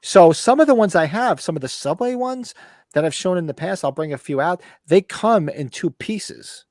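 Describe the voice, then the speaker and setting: A man's voice: high-pitched, expressive, normal speed, darkish tone, no echo, studio quality. A man co-hosting a casual live podcast, telling rambling, profane stories about his collection. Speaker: podcast co-host. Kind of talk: casual chat.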